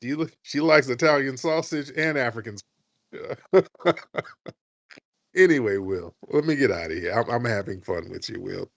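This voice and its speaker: A man's voice: medium pitch, normal speed, vocal fry, long pauses, dry recording, studio quality. A man hosting a live call-in roundtable, crude and taunting, laughing often. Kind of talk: live stream roundtable banter.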